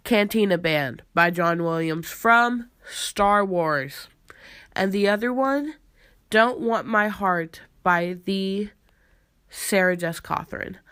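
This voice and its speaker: A woman's voice: mid-range voice, clear, resonant tone, no echo. A young adult woman hosting her own podcast, chatting casually and gushing, with lots of fillers and little laughs. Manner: gushing, filler-heavy, giggly. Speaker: podcast host. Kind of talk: casual chat.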